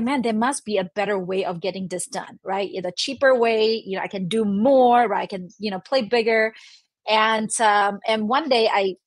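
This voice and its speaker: A woman's voice: medium pitch, no room sound. Woman guest, chatty, fillers, dry close mic. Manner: chatty, many "you know" and "right?", laughs often. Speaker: guest, delegation expert. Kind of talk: conversational interview.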